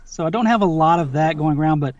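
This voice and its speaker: A man's voice: a little high, quick pace, lo-fi sound, slight background noise. A man who narrates audiobooks, chatting casually in an interview from his home studio. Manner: relaxed, chatty, restarts often.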